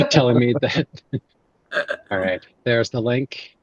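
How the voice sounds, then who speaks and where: A man chatting casually while setting up a live stream, relaxed and amused. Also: mid-range voice, very slow, dull audio. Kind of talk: casual chat.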